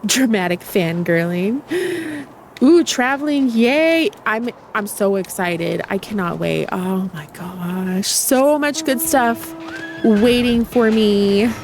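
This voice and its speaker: A young adult woman streaming a game in casual chat, chatty and excitable, often gasping. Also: medium pitch, takes it slowly, slight background noise.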